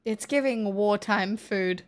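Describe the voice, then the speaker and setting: A woman's voice: medium pitch, takes it slowly. A woman with an Australian accent hosting a live stream, chatting casually and narrating aloud as she tastes food. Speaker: livestream host.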